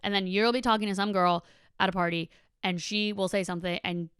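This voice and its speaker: Chatty young woman with smooth, dry voice. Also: mid-range voice, steady tone, fairly quick, fairly bright tone, no room sound. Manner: chatty, frequent "like", swears casually. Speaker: podcast host. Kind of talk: casual monologue.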